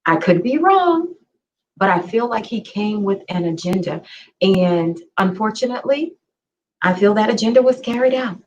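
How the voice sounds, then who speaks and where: A woman's voice: mid-range voice, lively intonation, normal speed. Earnest woman chatting on a podcast, keeps repeating for emphasis, kinda dull audio. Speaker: podcast co-host. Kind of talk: casual conversation. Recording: slightly dull lo-fi sound.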